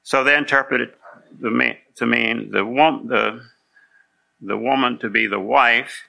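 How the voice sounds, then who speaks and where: A man's voice: medium pitch, gravelly, sharp tone. A man preaching a sermon in a conversational way, patiently explaining and checking that his listeners follow. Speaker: pastor.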